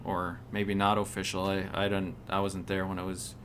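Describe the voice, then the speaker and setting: A man's voice: sits low, monotone, moderate pace, fairly bright tone, a little hiss or hum. A man playing a tabletop game, speaking hesitantly and full of ums as his character. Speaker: player.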